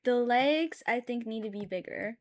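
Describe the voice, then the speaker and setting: A young woman streaming while she draws, rambling and thinking aloud, with sudden loud, excited bursts. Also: a little high, normal speed. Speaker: art streamer. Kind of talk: casual live-stream chat while drawing.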